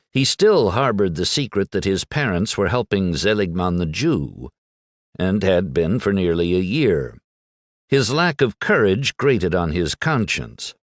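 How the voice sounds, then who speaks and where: A man reading an audiobook in a measured, dramatic storytelling manner. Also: lowish voice, no echo, studio quality. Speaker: audiobook narrator. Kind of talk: scripted audiobook narration.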